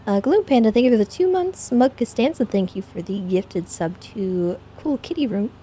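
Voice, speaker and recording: Mellow-voiced young woman streamer. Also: mid-range voice, expressive, moderate pace, a little hiss or hum. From United States. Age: 20s. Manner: chatty, teasing, thanks viewers between game talk. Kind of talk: casual role-play stream chat.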